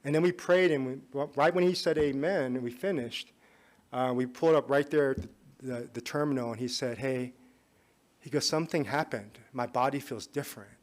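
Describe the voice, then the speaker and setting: A man telling a personal story during a conference talk, in a conversational way that often drops to a soft, confiding tone. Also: mid-range voice, steady tone, brisk. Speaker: conference speaker. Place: conference hall.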